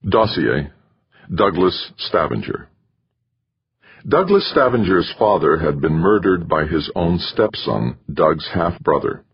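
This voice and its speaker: Very deep husky male narrator. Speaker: audiobook narrator. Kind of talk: scripted narration. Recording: dull lo-fi recording.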